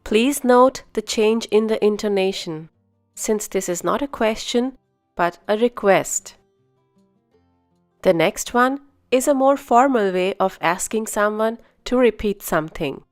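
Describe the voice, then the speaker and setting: A woman teaching a beginner language lesson, speaking slowly and carefully and repeating each phrase. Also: medium pitch, soft background music. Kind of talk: scripted language lesson narration.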